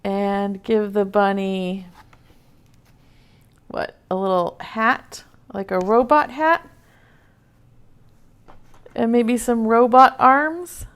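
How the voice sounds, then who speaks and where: A woman teaching preschool over a video call, reading a picture book aloud in a gentle, playful way and asking the children questions. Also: fairly high pitch, extremely slow, long pauses, clean tone.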